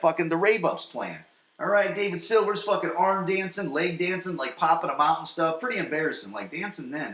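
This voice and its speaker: A man in his forties hosting a podcast from his basement, recapping an episode in a rambling, profane, excitable way. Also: fairly high pitch, brisk, roomy sound. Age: 40s. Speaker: podcast host. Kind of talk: casual solo recap. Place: home basement.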